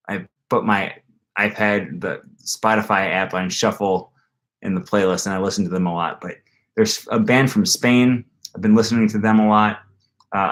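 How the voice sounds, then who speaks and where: A man's voice: fairly low pitch, a bit bright. A young man hosting a casual live stream about learning languages, rambling with plenty of fillers and restarts and reading viewer comments aloud. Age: young adult. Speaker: language-learning channel host.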